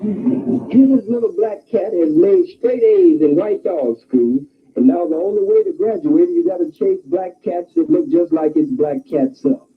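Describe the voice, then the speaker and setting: A man lecturing with fervor, telling a long animated fable and raising his voice to a shout now and then. His voice sits high, and the sound is squeezed and phone-like, as if from an old tape. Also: measured pace, vocal fry. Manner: animated storytelling, occasional shouting. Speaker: speaker. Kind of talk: impassioned lecture. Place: campus hall. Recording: tinny phone-like archive recording.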